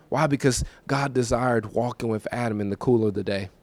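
A man in his thirties preaching a personal testimony in a conversational, emotional way, moving from quiet recollection to raised, emphatic lines. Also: medium pitch, fairly quick. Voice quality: conversational, emotional, repeats himself. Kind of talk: testimony sermon.

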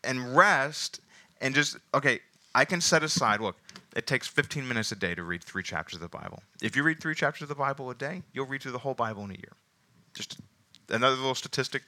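A man preaching a sermon as pastor, mixing casual asides with emphatic scripture reading that slows and stresses key words. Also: mid-range voice, animated, sharp tone. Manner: emphatic, rising and falling with slowed stresses.

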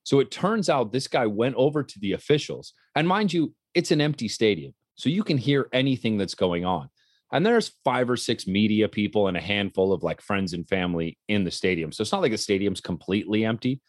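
A man in his thirties with a low, deep voice tells a story with animation on a casual talk show. The sound is dry and close, with no room around it. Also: brisk, dry recording. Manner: animated storyteller, acts out quotes. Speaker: podcast co-host and color commentator.

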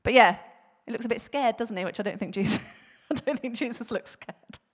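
A woman speaking to a church in a relaxed, conversational sermon. Her voice sits a little high, and she talks with lots of fillers and quick restarts. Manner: chatty, laughs often, many fillers and restarts; animated, acts out bible quotes with voices. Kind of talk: casual sermon talk.

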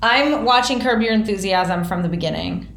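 A woman's voice: medium pitch, moderate pace, gravelly, a bit bright, echoey room. A woman hosting a podcast in casual chat, talking loosely with lots of fillers and self-deprecating asides. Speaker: podcast host.

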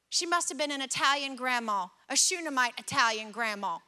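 A woman delivers a sermon in a very high, bright voice. She talks to the congregation in an earnest, conversational way, retelling scripture in everyday words. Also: brisk. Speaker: preacher.

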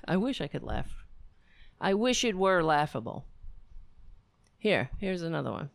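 A woman's voice: low voice, animated, normal speed, gravelly, pauses often, no room sound. Indignant woman ranting over the news. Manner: indignant, ranting, frequent restarts and swearing; reads news excerpts aloud between remarks. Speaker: political commentator. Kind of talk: impassioned political commentary.

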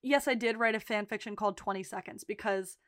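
A woman's voice: medium pitch, brisk, fairly bright tone, no room sound, clean studio sound. A woman co-hosting a podcast, recapping a TV episode in casual chat, emphatic and laughing often, swearing freely. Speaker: podcast co-host.

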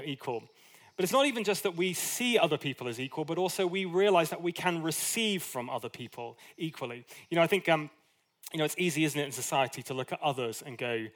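A man preaching a sermon in an easygoing, animated way. He talks as if chatting with the congregation, with asides and quick acted quotes, in a voice that sits a touch high for a man. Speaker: pastor.

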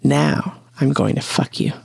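Narrator voicing a husky teasing young man. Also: mid-range voice, a little slow, darkish tone, dry recording, clean studio sound, full character voice.

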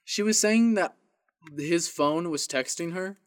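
A young man co-hosting a casual podcast, telling a story in an animated way, swearing and laughing often. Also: high-pitched, measured pace, dry recording. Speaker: podcast co-host.

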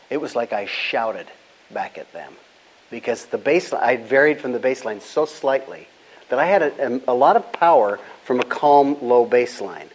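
An older man speaks in a calm, measured voice, walking through his points with anecdotes from a long career. He sounds like a guest being interviewed. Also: mid-range voice, poor audio. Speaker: guest, business founder. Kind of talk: storytelling interview answers.

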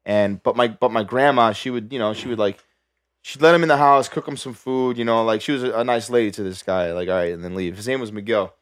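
Laid-back halting young guy. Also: fairly low pitch, dry recording, clean studio sound. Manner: laid-back, halting, lots of fillers and restarts. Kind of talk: casual chat.

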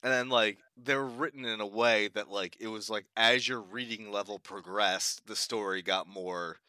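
A young man talking in a rambling, profane way, peppering every sentence with "like". His voice is bright and crisp, and the recording is close and dry. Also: fairly low pitch, steady tone, moderate pace, no room sound. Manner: rambling, profane, heavy use of "like". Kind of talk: casual chat.

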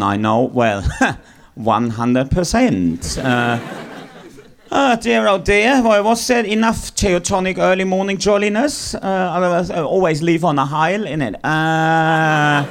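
A man from Germany with a German accent, a comedian guest trading deadpan, blunt, mock-superior jokes. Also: on the high side, unhurried. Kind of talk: deadpan stand-up banter.

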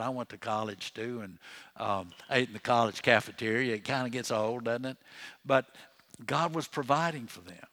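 Bright-voiced man preaching a sermon. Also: medium pitch. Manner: conversational, joking asides with chuckles. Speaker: pastor. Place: church.

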